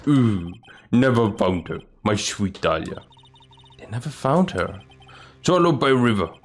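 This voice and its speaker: Grieving convict in halting broken English, lively swings in pitch, read by a man. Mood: mournful.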